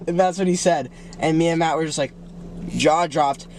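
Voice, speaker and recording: A man's voice: on the high side, moderate pace, a little mellow, a little hiss or hum. A young man eagerly telling a story in casual chat, acting out quotes as he goes.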